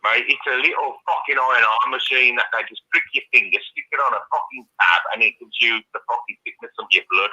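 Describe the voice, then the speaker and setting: A man's voice: mid-range voice, fast talker, few pauses, bright, forceful tone, slightly rough, dull audio. A man calling in by phone to a live chat, ranting furiously and swearing constantly. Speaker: caller. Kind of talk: angry call-in rant. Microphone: phone call.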